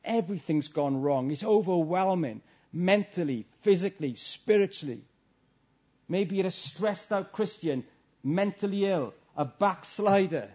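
A man's voice: high voice, animated, unhurried, darkish tone. A man preaching an evening sermon in earnest, rhythmic short phrases, closing in prayer. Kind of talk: evening sermon with a read-aloud story and prayer. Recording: dull lo-fi sound.

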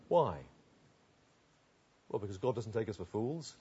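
An earnest male preacher delivers a sermon with a husky voice that swings widely up and down. He talks in an emphatic way and leans on repeated phrases. The sound is a little dull and lo-fi. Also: lowish voice, animated, measured pace, warm tone. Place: outdoors.

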